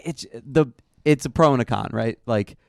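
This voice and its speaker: A man's voice: medium pitch, normal speed, creaky, darkish tone, no room sound, clean studio sound. A man with a Philadelphia accent, a laid-back storyteller chatting as a podcast guest. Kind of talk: casual chat.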